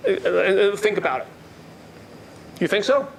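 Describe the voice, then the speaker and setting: A man's voice: sits high, expressive, moderate pace, gravelly, a little hiss or hum. A man giving a live sales workshop, asking the audience questions and repeating their answers back. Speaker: sales trainer. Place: meeting room with a live audience.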